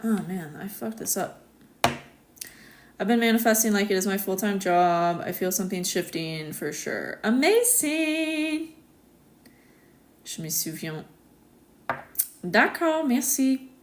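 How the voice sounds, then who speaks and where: An American woman in a casual live-stream chat, answering viewers' comments in a relaxed, chatty way and laughing often. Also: on the low side, moderate pace, background noise. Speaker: astrologer hosting a live stream.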